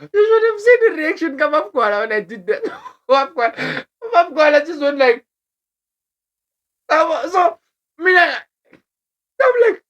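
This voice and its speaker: Speaking at a normal pace but pausing often, this young South African vlogger recounts a story casually and with lots of energy, laughing a lot and mixing languages within sentences. Her voice sits high, and the audio sounds dull.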